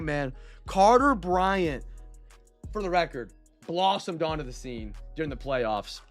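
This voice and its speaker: A man's voice: mid-range voice, fairly bright tone. A man hosting a live-streamed trading card break, chatting casually with viewers and reading out player names as he goes.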